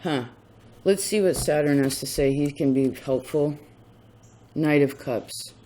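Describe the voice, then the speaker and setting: Speaking at a measured pace, a man with a slightly high, dark-toned voice offers a laid-back tarot reading. He rambles and chats, frequently stopping himself partway through an idea.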